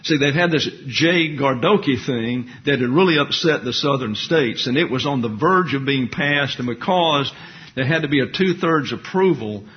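Male lecturer, mid-pitched, opinionated history lesson with casual asides, muffled lo-fi sound. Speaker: teacher.

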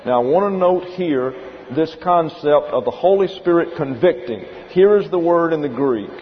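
A man's voice: a little high, animated, moderate pace, a little hiss or hum. Man teaching a sermon in a reverberant hall. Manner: teaching verse by verse, explaining Greek words. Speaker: pastor. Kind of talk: expository sermon. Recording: dull lo-fi recording in a reverberant hall.

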